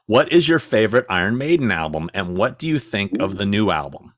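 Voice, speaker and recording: Middle-aged male co-host, very deep voice, reads viewer questions with dry asides. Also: very animated, fairly quick, a bit bright. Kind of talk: casual live chat.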